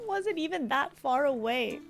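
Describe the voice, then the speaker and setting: A woman streamer giving excitable, giggly, casual commentary on a game she is playing. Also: high-pitched. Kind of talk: live let's-play commentary.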